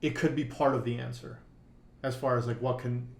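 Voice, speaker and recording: A man's voice: mid-range voice, steady tone, normal speed, creaky, reverberant. A man co-hosting a poker podcast, telling a long story in casual conversation, with many fillers and restarts.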